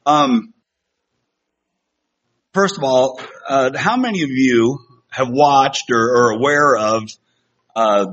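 Preacher, man, middle-aged, husky voice, easygoing self-deprecating delivery, muffled church recording. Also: mid-range voice, fairly bright tone. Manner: conversational, self-deprecating, with many fillers and restarts. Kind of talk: sermon. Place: church sanctuary. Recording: slightly dull lo-fi sound.

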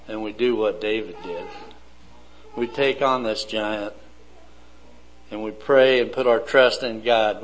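A man preaching a sermon slowly and deliberately, building his points in lists. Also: on the low side, poor audio.

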